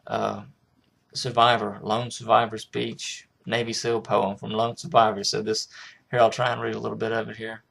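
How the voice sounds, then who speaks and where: Gravelly, flat-voiced man recapping a film. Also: lowish voice, normal speed. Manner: rambling, lots of restarts and "like". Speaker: film reviewer. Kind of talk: casual spoken film recap.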